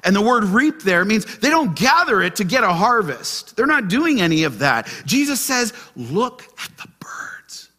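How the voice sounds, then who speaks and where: A man preaching a sermon to his church, asking the congregation questions and shifting between loud emphasis and soft, gentle asides. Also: sits high, normal speed, few pauses. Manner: animated, asks the congregation questions. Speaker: pastor.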